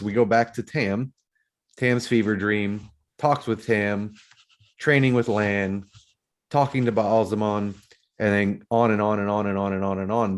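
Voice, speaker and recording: A man co-hosting a podcast, discussing a book series casually and making his points emphatically, repeating phrases. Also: lowish voice. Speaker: podcast co-host.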